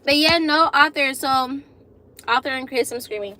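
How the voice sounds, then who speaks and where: Bright-voiced chatty young woman on a phone live. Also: sits high, moderate pace. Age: 20s. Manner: chatty, laughs often, repeats phrases. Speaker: vlogger hosting a live stream. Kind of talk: casual live-stream chat with viewers.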